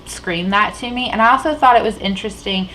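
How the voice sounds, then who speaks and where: Rambly beauty vlogger lady, lots of um and like, mid pitch, faint room hum. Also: fairly quick, sharp tone, poor audio. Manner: rambling, chatty, lots of fillers and restarts. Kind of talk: casual chat. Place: indoors at a table.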